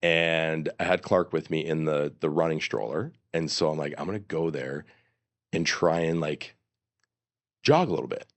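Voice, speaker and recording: A middle-aged man, a guest on an interview show, telling a story in an animated, rambling way. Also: extremely low pitch, normal speed.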